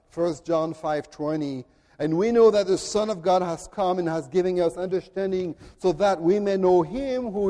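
A man with a French accent preaching a sermon in an earnest, deliberate way, at times speaking directly to children. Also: sits high, dark tone, in a large hall. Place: church.

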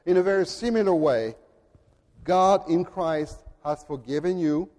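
A man with a French accent preaching a sermon in an earnest, deliberate way, at times speaking directly to children. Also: a little high, darkish tone, in a large hall. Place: church.

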